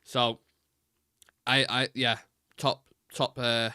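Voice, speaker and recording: A man's voice: mid-range voice, level tone, drawn-out words, bright, forceful tone, clean tone, no echo, clean studio sound. A man hosting a live football fan stream, chatting casually and rambling, swearing now and then.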